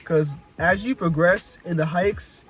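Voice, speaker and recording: A young man talks to his viewers in loose, slangy speech, looping back over his points and laughing now and then. His voice sits a little high for a man. Faint music plays behind him. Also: measured pace, a bit bright. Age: young adult. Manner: casual slangy storytelling, repeats himself, laughs often. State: emotional, close to tears. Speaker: vlogger recounting Marine boot camp. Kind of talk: casual chat.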